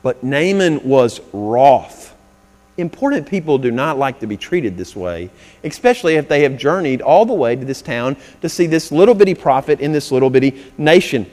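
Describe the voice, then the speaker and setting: A man preaching a sermon as pastor, swinging between loud, dramatic passages and hushed, earnest ones. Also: medium pitch, very animated, moderate pace. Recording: long reverb of a large hall.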